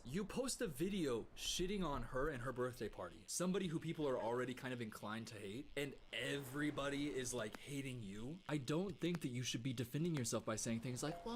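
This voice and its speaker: Animated sarcastic man reacting to clips. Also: mid-range voice, a little hiss or hum. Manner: mimics others in a whiny voice. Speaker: streamer reacting to videos. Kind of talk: casual commentary.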